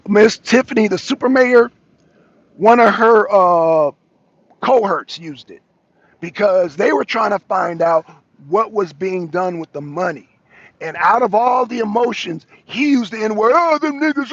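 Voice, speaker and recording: Male co-host, raspy and pitched high, casual street-smart storyteller, phoning in while walking outside, muffled lo-fi sound. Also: no room sound. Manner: animated street-wise storytelling. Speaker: show co-host. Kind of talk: casual live-show chat. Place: walking outdoors, arriving somewhere. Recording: dull lo-fi audio.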